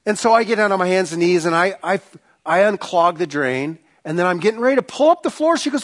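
A man preaching a sermon, telling a personal story with animated bursts, quiet asides and rhetorical questions to the congregation. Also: sits high, fast talker. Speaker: pastor.

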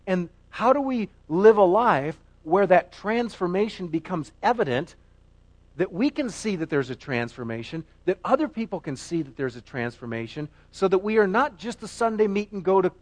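A man's voice: high voice, big pitch swings, normal speed. A middle-aged man preaching a sermon as pastor, earnest and emphatic, often repeating himself for weight.

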